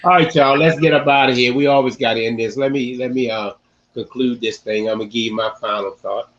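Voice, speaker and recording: A man hosting a casual sports-talk podcast, animated and repeating phrases for emphasis. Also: mid-range voice, fairly quick, highs cut off. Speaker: podcast host.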